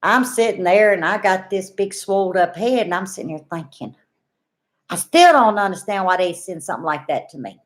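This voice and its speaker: A middle-aged woman with a Southern US accent, telling a homestead story to her viewers in a folksy, animated way. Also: medium pitch, fairly quick. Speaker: homestead vlogger.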